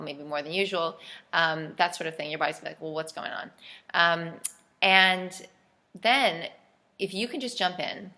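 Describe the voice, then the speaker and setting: Gravelly, bright-toned woman teaching earnestly. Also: lowish voice. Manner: earnest, thinks aloud with many restarts; acts out imagined voices with sudden lifts. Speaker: health and cleansing author. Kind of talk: casual instructional monologue.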